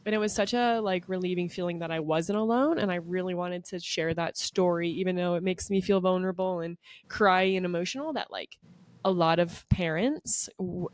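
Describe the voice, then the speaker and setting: A woman's voice: fairly low pitch, normal speed. A woman co-hosting a podcast, telling a personal story in a chatty, emotional way with lots of fillers. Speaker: podcast co-host. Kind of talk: casual podcast chat.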